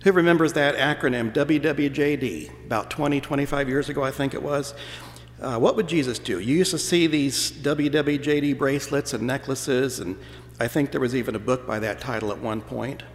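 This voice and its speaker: A man's voice: medium pitch, fairly quick. A man preaching a sermon as pastor, telling stories in a folksy, playful way to his congregation. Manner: folksy storytelling with playful voices. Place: church sanctuary. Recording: church hall reverb.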